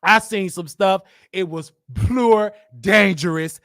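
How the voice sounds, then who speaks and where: A man's voice: sits high, slow, fairly bright tone, no echo. A man from Chicago hosting his own show, telling a personal story in a casual, emphatic way and repeating lines for effect. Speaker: show host.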